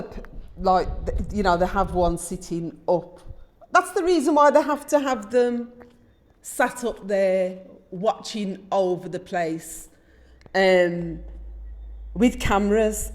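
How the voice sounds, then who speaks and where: A woman with an English accent, telling a story casually on her vlog, animated and indignant as she quotes what was said. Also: fairly low pitch. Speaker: vlogger.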